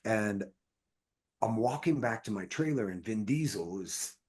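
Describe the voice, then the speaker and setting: A man, a guest on a podcast, telling long, profane anecdotes from his acting career in a casual, animated way. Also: fairly low pitch, a little slow, slightly rough. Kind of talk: casual storytelling chat.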